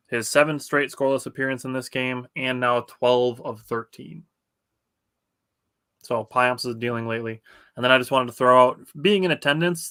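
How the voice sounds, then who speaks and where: Bright, excited man chatting about a game. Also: medium pitch, clean tone. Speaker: podcast co-host. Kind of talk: casual sports chat.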